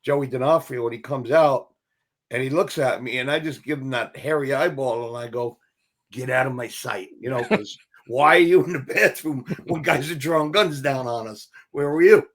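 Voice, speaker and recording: A man's voice: medium pitch, moderate pace. A middle-aged man, an actor, telling stories casually in an interview and acting out the voices of people he quotes. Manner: animated, acts out quoted voices, swears casually. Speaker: actor guest.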